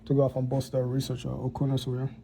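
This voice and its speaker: A man rambling in a solo monologue, profane and halting, often repeating and restarting words, with low muttering and sighs. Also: monotone, vocal fry, mellow, a little hiss or hum, low-quality recording.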